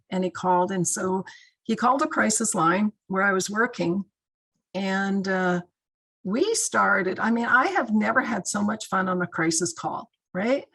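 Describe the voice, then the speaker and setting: A woman's voice: medium pitch, husky, low-quality recording. A middle-aged woman, a guest speaker in crisis intervention, telling stories conversationally in a training session over a video call. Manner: warm, conversational, with many fillers. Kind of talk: training talk with storytelling.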